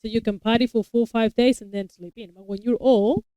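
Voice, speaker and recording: A woman in a relaxed chat, talking in long, winding explanations and restarting her sentences as she goes. Her voice is smooth and clear, recorded close and dry with no room sound. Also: fairly high pitch, a little fast, dry recording, poor audio. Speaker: co-host reacting to a TV episode; parent of young children. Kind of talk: casual chat.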